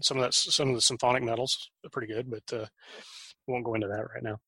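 Bright, chatty middle-aged man. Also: mid-range voice, level tone, fast, breathy edge, dry recording. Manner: talkative, trails off with fillers. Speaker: podcast co-host. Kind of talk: casual chat.

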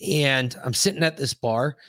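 A man's voice: mid-range voice, moderate pace, fairly bright tone, dry recording. A man co-hosting a podcast, telling a long casual story full of swearing, fillers and restarts. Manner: profane, rambling, full of fillers. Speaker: podcast co-host.

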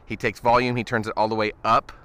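Bright, clear-voiced man telling stories. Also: lowish voice, fast talker. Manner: animated storytelling, chuckling often. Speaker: podcast cohost. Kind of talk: casual chat.

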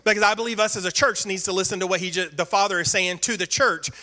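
High, bright-voiced preaching man. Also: fairly even intonation, fast talker. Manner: earnest, emphatic preaching with repeated phrases. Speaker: pastor. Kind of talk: sermon.

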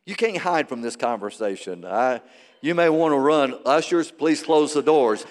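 A man preaching a sermon as pastor, swinging between loud peaks and quiet asides. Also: fairly high pitch, animated, normal speed. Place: large church hall. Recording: long reverb of a big sanctuary.

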